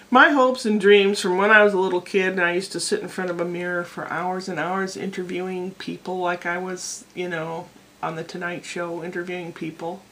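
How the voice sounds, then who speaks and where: A woman's voice: fairly low pitch, flat delivery, moderate pace, fairly bright tone, a little hiss or hum. Chatty, rambling middle-aged woman vlogger. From United States. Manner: chatty and digressive, with self-deprecating asides. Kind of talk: casual rambling vlog monologue. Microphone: camera microphone.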